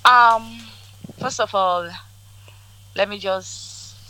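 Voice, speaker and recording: A man's voice: high-pitched, very slow, sharp tone, clear, resonant tone, low-quality recording. A man with a Sierra Leonean Krio accent, a guest artist in a casual interview, agreeing often and repeating his words. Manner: affirming, repeats yes and mm-hmm.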